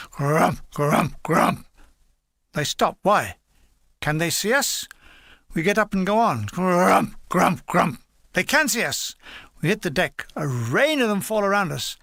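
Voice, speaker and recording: A man reading a memoir aloud as an audiobook, in a steady, understated storytelling manner. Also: high voice, vocal fry, no room sound, studio quality. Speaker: reader.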